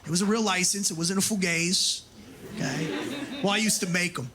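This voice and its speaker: A man's voice: high-pitched, moderate pace, heavy background noise. A male stand-up comedian telling a story in a brash, profane way, tagging his lines with "right?".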